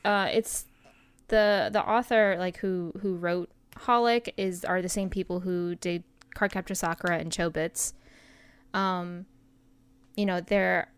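Slow-talking woman on a podcast. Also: on the low side, smooth, no room sound, studio quality. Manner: hesitant, many ums and likes. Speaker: podcast co-host. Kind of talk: casual podcast chat.

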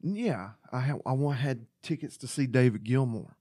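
A man co-hosting a podcast in casual chat, excitable and profane, laughing often. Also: medium pitch, normal speed, dry recording, studio quality. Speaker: podcast co-host.

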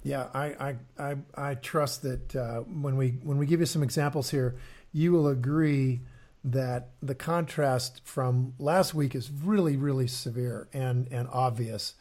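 A man co-hosting a casual investing podcast, his voice sitting at an ordinary middle pitch. He talks in a relaxed way and often repeats words and reaches for fillers while he explains. The delivery stays conversational and unscripted. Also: a little slow. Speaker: podcast co-host.

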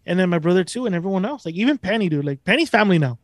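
Fast-talking, high-voiced profane man. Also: expressive, no room sound, studio quality. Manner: profane, rambling, emphatic. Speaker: podcast host. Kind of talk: casual podcast chat.

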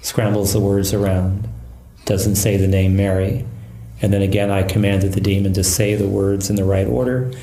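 A man who is a Catholic priest and exorcist, calmly recounting a case in an interview. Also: low voice. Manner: calm, measured storytelling. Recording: echoey room.

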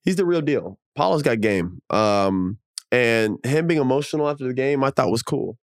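Man, ex-basketball player, podcast co-host, casual sports chat, animated, emphatic, slangy. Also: mid-range voice, moderate pace, dry recording, studio quality.

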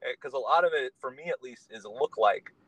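A man's voice: medium pitch, fairly quick, a bit bright, breathy edge, no echo, low-quality recording. A man, a guest on a podcast, talking in a casual conversation and telling his story in an earnest, meandering way.

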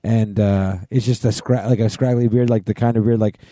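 A man's voice: fairly low pitch, steady tone, brisk, warm tone, dry recording, clean studio sound. A man co-hosting a podcast, chatting casually, agreeing often and telling stories with plenty of swearing. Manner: profane, agreeable, tells stories. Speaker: podcast co-host. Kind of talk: casual ranting chat.

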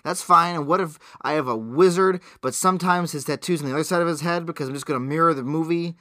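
A man's voice: fairly high pitch, fast, sharp tone, no room sound, clean studio sound. A man co-hosting a podcast, reviewing a movie in casual banter with a crude, sarcastic, blunt manner. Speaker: podcast co-host.

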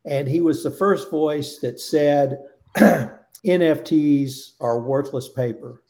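A man's voice: on the high side, slow pace, mellow. A man hosting a roundtable podcast, talking casually and emphatically, building up points in lists. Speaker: podcast host.

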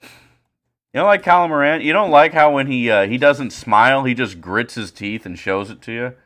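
A young man co-hosting a casual podcast, mocking and animated, with frequent swearing. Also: medium pitch, normal speed. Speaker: podcast co-host. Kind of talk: casual banter.

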